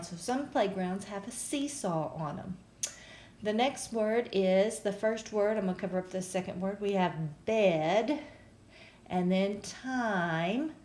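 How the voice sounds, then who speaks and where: A woman's voice: mid-range voice, darkish tone, echoey room, a little hiss or hum. A woman teacher, patiently sounding out words in a phonics lesson for young kids.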